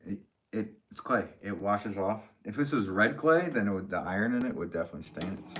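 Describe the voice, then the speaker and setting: Low-voiced man chatting while throwing pots. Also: a little fast, a bit bright. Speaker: potter streaming live. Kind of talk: casual live-stream chat while working. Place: pottery studio.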